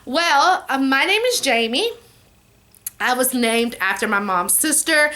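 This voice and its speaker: A woman's voice: high-pitched, expressive, a little slow. A woman, chatting casually to camera while answering viewer questions. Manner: chatty, warm-hearted, says "y'all" and "you know" often. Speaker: vlogger.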